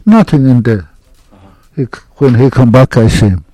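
An older man telling an oral history hunting story in halting, broken English, with many restarts. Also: medium pitch, expressive, dark tone, poor audio. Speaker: interviewee.

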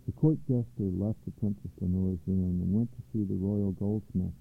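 A man narrating a children's story aloud in a measured, clear way, over a tinny line. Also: deep voice, steady tone, faint music behind. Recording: tinny phone-like line, dry.

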